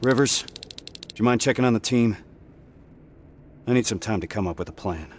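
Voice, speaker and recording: A man's voice: fairly low pitch, normal speed, slight background noise, natural voice. An actor playing a stern, curt male squad commander in a video game, giving orders. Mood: commanding. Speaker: squad leader. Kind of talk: video game cutscene acting.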